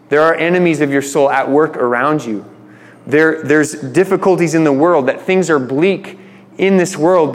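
A man's voice: mid-range voice, in a large hall. A man preaching a sermon in a conversational way, retelling stories with voiced quotes. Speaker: pastor.

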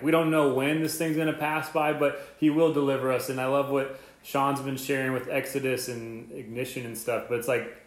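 Guy preaching casual and excited, lots of likes, mid pitch, roomy echo. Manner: excited, conversational, many "like" fillers. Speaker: pastor. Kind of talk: casual sermon.

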